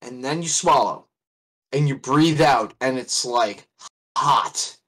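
A man co-hosting a casual beer podcast, laid-back, swearing freely and pausing with fillers. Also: mid-range voice, a bit bright, slightly rough. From Ohio. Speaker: podcast co-host. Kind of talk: casual beer review chat.

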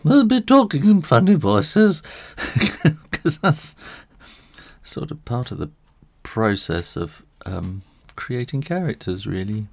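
A man's voice: lowish voice, vocal fry, no room sound. Chuckling man chatting while drawing. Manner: chatty and rambling, with frequent chuckles. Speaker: illustrator and author. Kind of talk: live drawing tutorial. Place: drawing studio near his house.

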